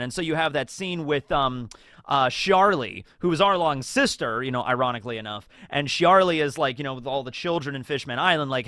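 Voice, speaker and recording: A man's voice: a little high, fairly quick, bright, forceful tone, no echo, studio quality. A man hosting a casual anime fan video, talking enthusiastically and rambling with many fillers.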